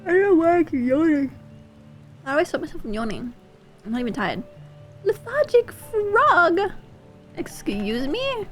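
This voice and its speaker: A woman with a higher voice chats loosely on a game livestream. Her pitch bounces around a lot, she gets excitable and swears without a second thought, and quiet game music runs faintly behind her. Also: brisk, pauses often. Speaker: streamer. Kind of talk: casual gameplay livestream chat.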